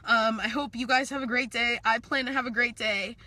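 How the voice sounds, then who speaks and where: A tearful young woman vlogger speaks in a high, piercingly bright voice. She is nervous and halting, stumbling over and repeating her words through an emotional monologue. The sound is close and dry. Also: fairly even intonation, no echo. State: tearful, crying. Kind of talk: emotional live-stream monologue.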